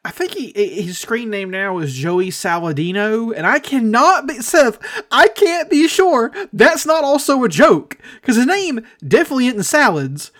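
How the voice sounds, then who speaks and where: A man's voice: very high voice, big pitch swings, normal speed, few pauses, a bit bright. A man co-hosts a casual comedy podcast, cursing freely as he rants. He drops into mocking quoted voices to make his points. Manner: profane, ranting, does mocking quoted voices. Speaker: podcast co-host. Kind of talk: casual comedic political chat.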